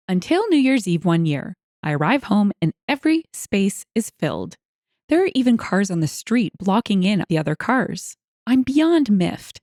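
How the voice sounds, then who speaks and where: A woman reading online stories aloud as scripted narration, expressive and wry, with lively asides. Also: medium pitch, dry recording, studio quality.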